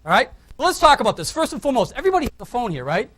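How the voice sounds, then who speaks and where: A man from Boston with a Boston accent, giving a fast, joking presentation at a conference and commanding the crowd. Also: very high-pitched, big pitch swings, fairly bright tone. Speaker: conference speaker. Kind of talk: energetic presentation to an audience. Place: conference hall.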